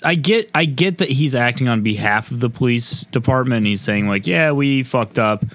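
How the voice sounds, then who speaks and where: A man's voice: mid-range voice, brisk, fairly bright tone, no echo. A man co-hosting a comedy podcast, thinking aloud and hedging in casual chat. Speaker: podcast co-host.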